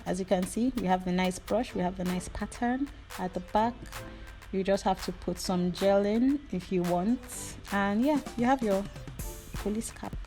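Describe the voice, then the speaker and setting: A woman's voice: medium pitch, normal speed, dark tone, soft background music. A woman hairdresser hosting a hair tutorial, talking casually to camera in a chatty, upbeat way and repeating her thanks and requests to viewers.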